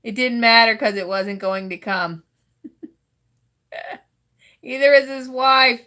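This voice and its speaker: Woman, Southern US drawl, unhurried delivery, fairly high voice, giggly joke reader, trips over words. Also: pushed and bright. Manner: giggles between jokes, stumbles while reading. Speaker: host reading roast jokes. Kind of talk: casual birthday roast, reading jokes aloud.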